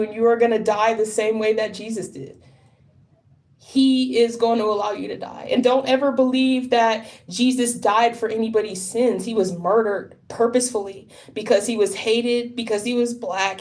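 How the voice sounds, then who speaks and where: A woman's voice: a little high, a little mellow. A tired woman talking on a casual livestream, rambling, swearing and sounding frustrated.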